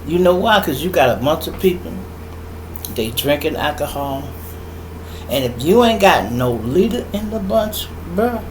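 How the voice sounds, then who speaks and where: A middle-aged man with a Chicago accent hosting a podcast, telling a story in an animated, profane monologue and acting out voices and sound effects. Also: on the high side, measured pace, slight background noise, low-quality recording. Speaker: podcast host.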